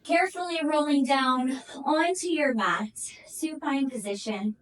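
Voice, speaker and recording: A woman's voice: sits high, a little slow, distant mic, low-quality recording. A woman leading a pilates workout, encouraging and counting reps aloud, a bit out of breath. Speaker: pilates instructor. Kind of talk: guided workout instruction.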